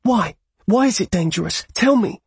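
An affectionate but fiery young woman, as a man puts her on for an audiobook, pitched well up from a gravelly, husky base. She pleads softly and turns sharp when angered. The recording is dry and close. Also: steady tone, fairly quick, dry recording, exaggerated voice. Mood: angry. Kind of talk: audiobook character voice.

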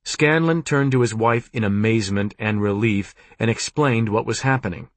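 Male audiobook narrator, measured and dry. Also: lowish voice, no echo. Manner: measured and deliberate.

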